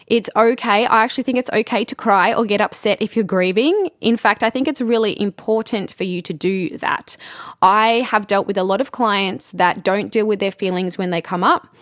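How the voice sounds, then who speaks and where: A woman speaking openly and earnestly in a personal podcast monologue as a spiritual host, with soft laughs and fillers. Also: medium pitch, brisk, no room sound, studio quality.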